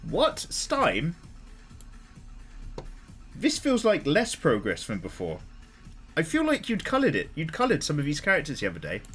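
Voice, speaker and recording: A man in his thirties, an artist chatting casually on a live stream, talkative, openly emotional and quick to swear. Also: on the high side, huge pitch swings, fairly bright tone, faint music behind. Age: 30s. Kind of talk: casual livestream chat.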